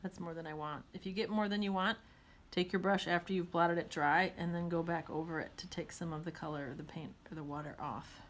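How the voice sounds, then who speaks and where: A woman's voice: lowish voice, steady tone, a little fast. A woman teaching a watercolor demonstration, chatting and thinking aloud as she paints.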